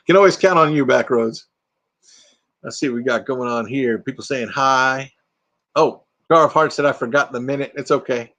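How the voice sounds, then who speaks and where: A man's voice: medium pitch, normal speed, long pauses, bright, forceful tone. An older man hosting a casual livestream from home, chatting with viewers, reading their comments aloud and laughing often. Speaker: livestream host. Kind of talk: casual live chat with viewers. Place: home room with green screen.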